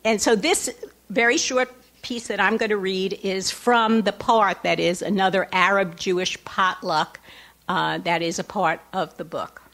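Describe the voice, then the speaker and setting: A woman's voice: mid-range voice, steady tone, a little slow, fairly bright tone. Middle-aged woman author, wry live reading of her own essay, asides to the crowd. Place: lecture hall before an audience.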